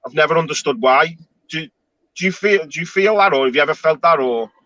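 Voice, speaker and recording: A man's voice: on the high side, brisk, sharp tone, no room sound, muffled recording. A man hosting a casual online panel chat, talking in a chatty, rambling way with frequent restarts. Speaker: show host.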